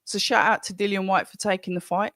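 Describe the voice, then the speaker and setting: Birmingham accent, livestream host, casual chatty commentary, mid-pitched voice, dry close sound. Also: little pitch movement, fairly quick, a bit bright, no room sound. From Birmingham, England. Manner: chatty, rambling, greets viewers by name. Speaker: livestream watch-along host. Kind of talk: casual live commentary and chat reading.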